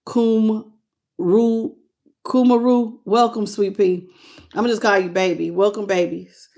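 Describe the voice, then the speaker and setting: A woman's voice: medium pitch, fairly even intonation, takes it slowly, warm tone. Woman doing a live tarot reading, all worked up, calls folks baby and sweet pea. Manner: emotional, greets viewers by name, colloquial. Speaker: tarot reader.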